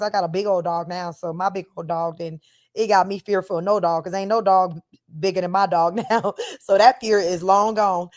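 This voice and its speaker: Chatty laughing woman reading viewer comments. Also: medium pitch. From Northern California. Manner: animated, chatty, laughs while talking, addresses viewers as y'all and child. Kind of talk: casual chat.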